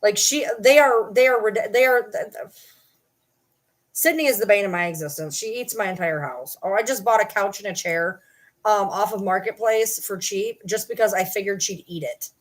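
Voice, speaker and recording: A woman's voice: mid-range voice, normal speed. A woman vlogging in casual chat to camera, profane and rambling, breaking off to talk to her dogs.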